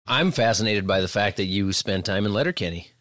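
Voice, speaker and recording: A man's voice: fairly low pitch, a little fast, fairly bright tone, no echo, clean studio sound. A man co-hosting a podcast, chatting casually and teasing his guest in a playful way. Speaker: podcast co-host. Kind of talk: casual chat.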